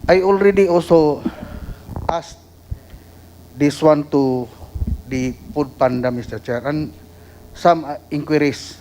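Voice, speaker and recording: Halting Filipino councilman, higher voice. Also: dark tone, slight background noise, poor audio. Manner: halting, questioning, with many fillers. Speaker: city councilor. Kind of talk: council session questioning.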